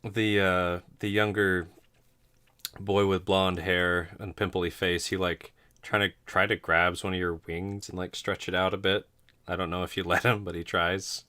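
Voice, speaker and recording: A man's voice: deep voice, little pitch movement, a little slow, sharp tone, smooth. A man narrating a tabletop game as game master, rambling with frequent laughs and stumbles over words.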